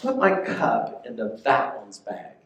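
Male pastor, conversational teaching sermon, mid-pitched voice, roomy echo. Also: wildly swooping pitch, slow. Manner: conversational teaching, checks in with listeners. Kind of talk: sermon with scripture reading. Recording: echoey room.

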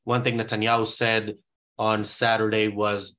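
A man hosting political commentary, talking in a halting way with many pauses and restarts. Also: on the low side, monotone, bright, forceful tone. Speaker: show host.

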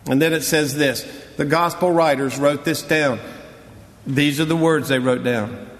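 A man preaching a sermon as a pastor, dramatic and emphatic, dropping to hushed tones and rising to loud cries. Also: fairly high pitch, steady tone, unhurried, big-room sound.

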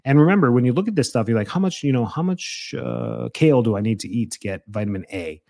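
Middle-aged man, blunt health-advice host, mid pitch, animated scolding. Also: fast, vocal fry. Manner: blunt and animated, mimics excuses, jumps in pitch when scolding. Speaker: health doctor giving advice. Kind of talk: casual advice talk.

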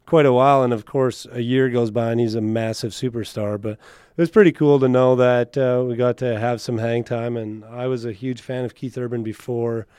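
A man's voice: mid-range voice, fairly even intonation, normal speed, darkish tone, smooth, no room sound, clean studio sound. A man from Canada, a country singer, chatting casually as an interview guest and telling stories. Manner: chatty storyteller, laughs easily.

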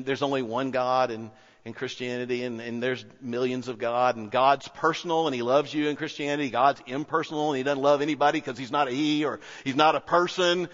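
A man's voice: mid-range voice, a bit bright. A man preaching a sermon as pastor, telling a story in an earnest, conversational way. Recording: dull reverberant hall sound.

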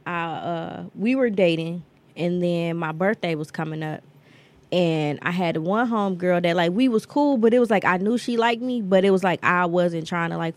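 A woman, co-hosting a podcast and telling a story bluntly and profanely, acting out the people she quotes. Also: lowish voice. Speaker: podcast co-host. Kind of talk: casual storytelling chat.

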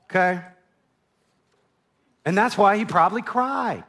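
A man's voice: high voice, animated, moderate pace, fairly bright tone. A man preaching a sermon verse by verse, conversational, with asides and frequent repeated words. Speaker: pastor. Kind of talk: verse-by-verse Bible teaching.

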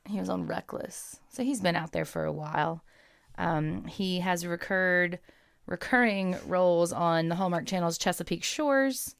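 A woman's voice: on the low side, measured pace, creaky, clean tone, no room sound. A woman co-hosting a podcast, chatting casually about a movie and rattling off an actor's credits. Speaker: podcast co-host.

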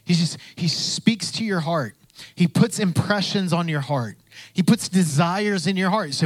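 A pastor delivers a sermon in an easy, conversational style, his voice a little high for a man and his pace moderate. He repeats phrases and slips into the voices of people he quotes, recorded dry and close to the mic with no echo.

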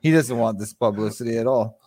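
A man's voice: mid-range voice, fairly quick, darkish tone, no echo, clean studio sound. A man co-hosting a casual chat show, bantering in a wry way. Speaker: podcast co-host.

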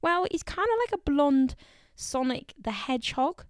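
A woman's voice: high voice, expressive, normal speed, no room sound, studio quality. A young woman, co-hosting a podcast in a chatty, playful way and laughing between remarks. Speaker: podcast co-host. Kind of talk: casual podcast chat about football.

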